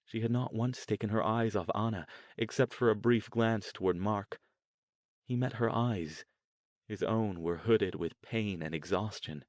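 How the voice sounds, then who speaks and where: A man narrating a novel in a measured, steady storytelling way. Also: lowish voice, no echo. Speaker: audiobook narrator. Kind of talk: scripted narration.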